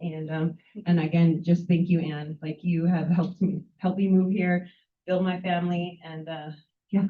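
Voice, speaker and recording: A woman in her thirties, close to tears, gives a halting impromptu farewell speech at an event. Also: lowish voice, little pitch movement. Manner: halting, full of fillers and restarts. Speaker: nonprofit fundraising staff member. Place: event room with audience. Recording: echoey, distant, tinny phone-like sound.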